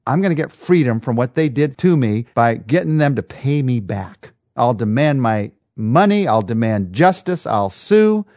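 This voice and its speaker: Emphatic male preacher with lively pitch. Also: moderate pace, few pauses, no room sound. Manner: emphatic, repetitive rhetorical rhythm. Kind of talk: devotional sermon.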